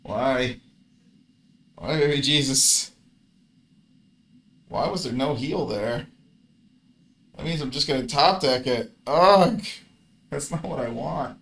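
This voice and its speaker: Guy playing a card game, grumbly, swears a lot at his bad draws, mid pitch voice. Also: slow pace, gravelly, long pauses, a bit bright. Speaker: card game player commentating his match. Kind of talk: casual gameplay commentary.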